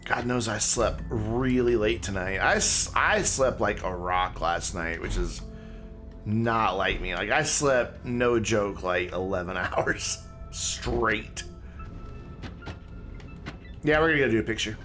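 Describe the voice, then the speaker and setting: A man streaming a video game, giving relaxed, chatty commentary and thinking aloud as he plays. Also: fairly low pitch, slow. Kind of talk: casual gameplay commentary. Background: game music.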